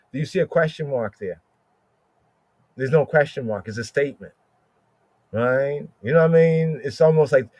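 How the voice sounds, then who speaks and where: A man hosting a podcast, teaching scripture in casual talk, thinking aloud with halting restarts and a steady stream of "right?" and "you know". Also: medium pitch, no room sound. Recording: dull, dry lo-fi sound.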